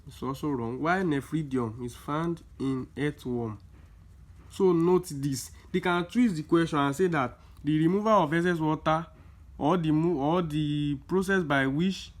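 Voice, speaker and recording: Repetitive man tutoring exam prep. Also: a little high. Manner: explains slowly with many repeats, emphatic. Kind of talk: casual exam-prep lesson.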